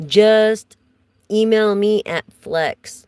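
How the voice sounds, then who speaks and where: A woman's voice: rumbling low, slow pace, gravelly, darkish tone, no room sound, low-quality recording. A woman giving a casual live tarot reading, chatty and rambling as she talks straight to her viewers. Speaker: tarot reader.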